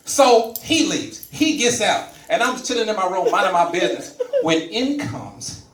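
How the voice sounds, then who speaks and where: A male stand-up comedian performs his set on a comedy club stage, telling a story animatedly and playing each of its characters. His voice sits high and brisk, with background noise, picked up from a distance by a roomy live-venue mic.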